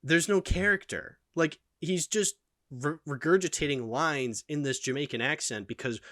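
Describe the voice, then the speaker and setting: A man's voice: fairly high pitch, normal speed, no echo, clean studio sound. A man hosting a casual film discussion, opinionated and full of fillers. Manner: animated, opinionated, lots of fillers. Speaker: channel host.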